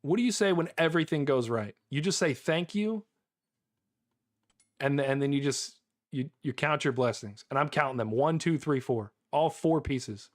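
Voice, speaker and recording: An American man streaming a game live, excitable and chatty, repeating himself and laughing often. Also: medium pitch, moderate pace.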